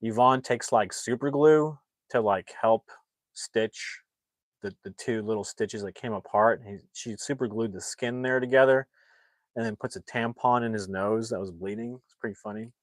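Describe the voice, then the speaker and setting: A movie reviewer's voice sits on the low side and moves at a moderate pace, captured dry. Hosting his livestream, he casually recounts a film, restarting often as he rambles, and acts out each character's lines with animation.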